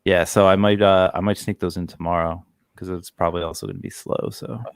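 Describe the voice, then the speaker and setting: A man on a casual horror podcast with a gravelly, low voice. He laughs easily and wanders into loose asides. His voice is dry, with no room sound. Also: fairly even intonation, a little fast, dry recording. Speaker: podcast co-host.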